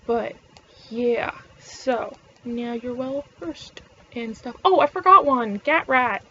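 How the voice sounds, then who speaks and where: A woman's voice: fairly high pitch, animated, slow pace, sharp tone, slightly rough, muffled recording. A Canadian woman vlogging in casual chat, rambling and swearing, often correcting herself mid-sentence. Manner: rambling and profane, with frequent self-corrections.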